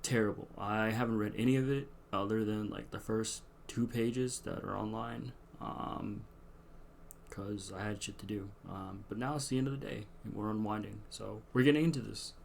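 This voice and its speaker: Chill streamer guy joking at himself, kinda low and gravelly. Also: fairly even intonation, normal speed, a little hiss or hum. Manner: laid-back, self-mocking. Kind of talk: casual stream chat.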